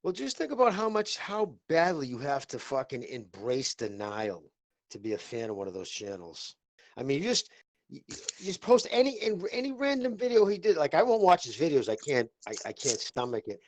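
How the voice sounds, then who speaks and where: A man's voice: on the high side, wildly swooping pitch, moderate pace, dry recording. Boston man, co-host, rambly and foul-mouthed, dry close sound. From Boston area, USA. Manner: rambling, profane, many restarts. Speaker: podcast co-host. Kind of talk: casual podcast chat.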